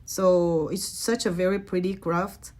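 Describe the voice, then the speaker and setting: A woman's voice: lowish voice, level tone, measured pace. Chatty woman walking through a craft. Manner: chatty, gentle, frequent fillers and self-corrections. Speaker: craft vlogger. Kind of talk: casual craft tutorial narration.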